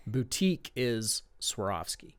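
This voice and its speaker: A man from Indiana, a guest on a podcast, explaining his point through quick hypothetical examples. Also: lowish voice, sing-song, no room sound, clean studio sound. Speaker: optics company guest. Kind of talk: podcast conversation.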